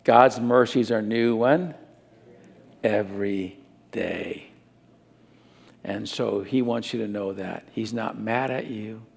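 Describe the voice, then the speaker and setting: Male pastor, sermon, gravelly voice, earnest and repetitive, reverberant church hall. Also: on the low side, takes it slowly, long pauses. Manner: earnest, repetitive emphasis, drops to soft tones.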